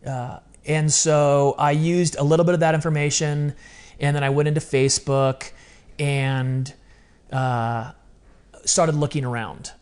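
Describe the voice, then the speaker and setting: A man in his fifties, a podcast guest, telling a personal story in a lively, emotional way with quick asides. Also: on the high side, smooth. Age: 50s. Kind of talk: conversational storytelling.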